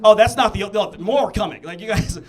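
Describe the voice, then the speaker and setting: A man in his thirties from the Midwest performing a stand-up comedy set, animated, bursting into shouted impressions and laughing at his own jokes. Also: sits high, a little fast, a crowd in the background. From American Midwest. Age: 30s. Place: comedy theatre stage.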